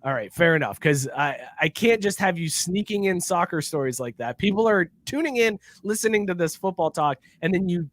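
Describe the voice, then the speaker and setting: A man's voice: sits high, animated, brisk, hardly any pauses. A man hosting a podcast in casual chat, teasing and bossy. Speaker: podcast host.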